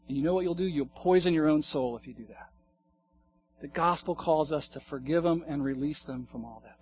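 High-voiced pastor preaching earnestly. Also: male voice, husky. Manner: earnest, wide swings from hushed to emphatic. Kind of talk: sermon.

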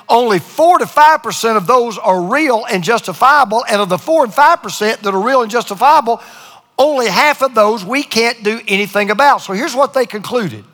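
A male pastor gives an emphatic sermon in a lively, high-pitched voice that climbs and drops widely. His words ring out through a large church hall with long reverb. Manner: emphatic preaching with pauses and call-and-response.

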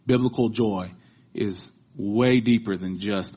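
A man's voice: mid-range voice, fast talker, a little mellow. A man preaching a sermon, moving from conversational talk to rhythmic proclamation. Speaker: pastor.

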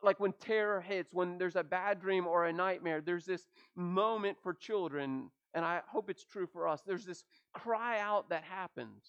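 A man preaching a sermon, asking rhetorical questions and dropping his voice low at the ends of phrases. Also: unhurried, hardly any pauses, fairly bright tone, lo-fi sound. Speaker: pastor.

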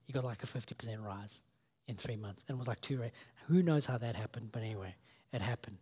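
Male pastor, casual storytelling sermon, animated dialogue delivery. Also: medium pitch, fast, slightly rough. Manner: animated storytelling, acting out conversations; casual, conversational asides.

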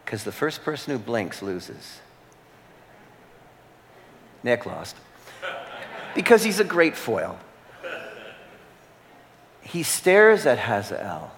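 Male pastor, earnest sermon delivery with repeated phrases and weighty pauses, recorded with a long reverberant hall tail. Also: mid-range voice, wildly swooping pitch, a bit bright, a little hiss or hum.

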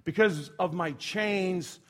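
A man's voice: sits high, takes it slowly. A middle-aged man preaching a sermon as pastor, talking conversationally with asides and self-corrections, sometimes dropping almost to a whisper. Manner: drops to a near whisper when telling a quiet story.

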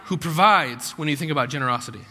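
A man's voice: on the high side, quick pace, bright, forceful tone. A man preaching a sermon in a conversational way, full of rhetorical questions and acted-out quotes. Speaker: pastor. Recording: long hall reverb.

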